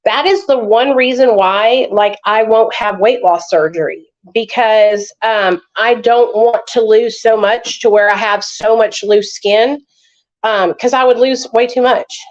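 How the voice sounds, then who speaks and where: Woman, casual livestream host, chatty, swears, slightly high voice, muffled phone sound. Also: measured pace. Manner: chatty, talks straight to viewers, swears freely. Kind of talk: casual live chat.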